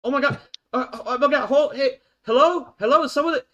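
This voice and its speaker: A man's voice: extremely high pitch, big pitch swings, moderate pace, pushed and bright, muffled recording, pitched above the performer's own voice, heavily acted. A man voicing a panicked teenage boy on an emergency call, doing a clumsy mixed Scottish-Italian accent. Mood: frantic. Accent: clumsy mixed Scottish-Italian put-on. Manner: frantic, breathless pleading.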